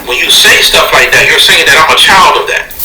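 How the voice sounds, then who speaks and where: A man's voice: on the high side, fairly quick. A man from upstate New York talking casually on a podcast, explaining at length and checking in with "right?". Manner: preachy, explaining with repeated "right?". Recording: echoey room with crowd noise.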